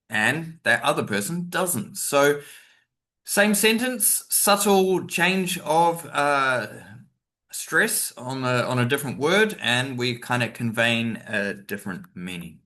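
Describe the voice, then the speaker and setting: A man's voice: mid-range voice, lively intonation, slow pace, sharp tone. A man giving a chatty webinar talk as a teacher trainer, with many fillers and asides, sometimes acting out example sentences. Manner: acts out stressed example sentences.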